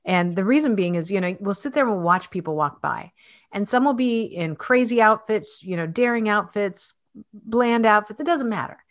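A woman's voice: mid-range voice, animated, moderate pace. Chatty woman in her fifties hosting. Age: 50s. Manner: chatty, many restarts and fillers. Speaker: host. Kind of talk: casual interview chat.

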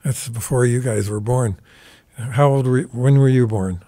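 A man's voice: medium pitch, normal speed, mellow. An older man casually telling a long anecdote as a guest musician, acting out what people said. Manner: rambling anecdotal, mimics quoted voices. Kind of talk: casual storytelling.

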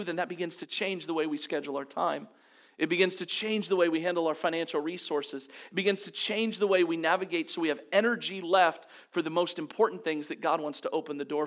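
A pastor delivering a sermon at a church service, earnest and steady, building his points through repeated phrases. His voice sits on the higher side for a man. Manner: earnest, repetitive preaching cadence. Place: church service, also streamed online.

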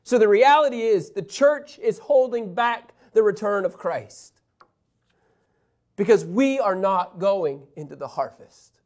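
A man teaches a Bible lesson in sermon style, animated and full of stories, moving between loud emphasis and quiet asides. His voice sits high and he speaks a little slowly.

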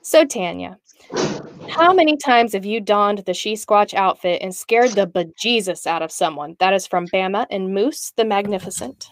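A woman hosting a relaxed chat show and reading out listener questions to her co-host. The sound is dry and close, with no room around her voice, and her pitch is average for a woman. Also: moderate pace, dry recording. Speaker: podcast host. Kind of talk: casual chat.

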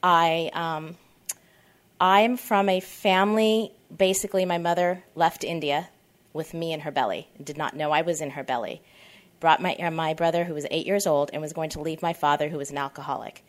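A woman's voice: deep voice, steady tone, moderate pace. A woman around fifty speaking at a twelve-step meeting, candid and rambling, often backtracking. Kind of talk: personal share at a support meeting. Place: meeting room.

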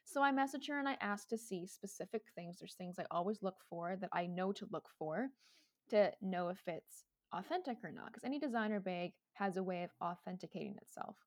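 A woman's voice: medium pitch, expressive, a little fast. A young woman co-hosting a podcast, telling stories in casual, emphatic chat. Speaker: podcast co-host.

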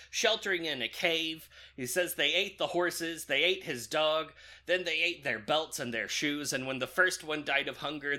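A man's voice: a little high, pushed and bright. A man casually recapping a film plot for a podcast, joking and laughing, with lots of fillers and restarts. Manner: loose, jokey retelling with many fillers and laughs. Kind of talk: casual movie recap chat.

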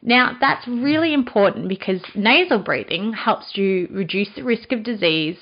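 A woman's voice: medium pitch, expressive, moderate pace, highs cut off. A woman hosts a wellness podcast in a chatty, enthusiastic tone. She speaks with an easy mid-range voice as she explains things to her listeners. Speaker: podcast host and Pilates instructor. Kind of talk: casual podcast chat.

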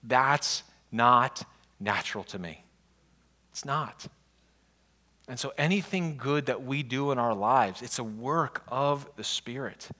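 A man's voice: mid-range voice, takes it slowly. A man pastor preaching a sermon in a conversational, storytelling way. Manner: conversational preaching with animated, exasperated retellings.

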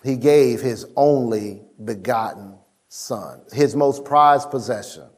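A man's voice: medium pitch, takes it slowly, darkish tone. A middle-aged man preaching a sermon, emphatic and casual, calling on the congregation to answer back. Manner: emphatic, call-and-response with the congregation.

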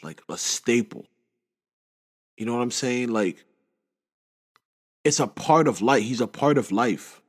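A man's voice: mid-range voice, expressive, measured pace, pauses often, long reverb tail. A man in his twenties hosting a podcast alone, talking in a loose, rambling monologue full of fillers, shaken and upset. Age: 20s. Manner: rambling, constant "you know what I'm saying" fillers. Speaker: podcast host. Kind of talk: casual solo monologue.

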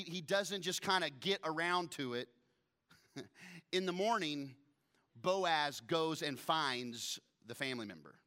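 A man's voice: on the high side, sharp tone, long reverb tail. A man preaching a sermon in a joking, conversational way, laughing often between lines. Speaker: pastor.

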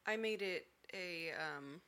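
A woman's voice: fairly low pitch, slow, fairly bright tone. A woman co-hosting a book podcast, chatting casually and emphatically about books that made her cry. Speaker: podcast co-host. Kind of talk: casual chat.

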